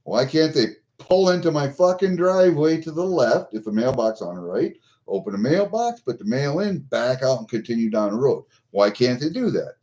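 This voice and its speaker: A man's voice: mid-range voice, animated, moderate pace, few pauses, a little mellow, muffled recording. An older American man venting angrily on a vlog, swearing constantly. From United States. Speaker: vlogger.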